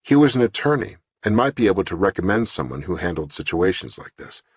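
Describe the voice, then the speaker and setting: Deep husky male audiobook narrator. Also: big pitch swings, fast talker, no echo. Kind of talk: scripted narration.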